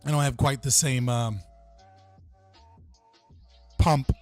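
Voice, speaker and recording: A man's voice: medium pitch, fairly even intonation, slow pace, darkish tone, faint music behind. A young man hosting a livestream, chatting casually and profanely with his viewers. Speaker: livestream host.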